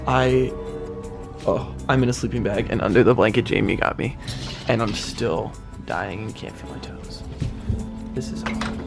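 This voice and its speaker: A teenage man vlogging in a casual, animated way, exasperated and acting out the people he quotes. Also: on the low side, moderate pace, vocal fry, pauses often, over music. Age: teens. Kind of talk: casual vlog storytelling. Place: cold house and busy restaurant.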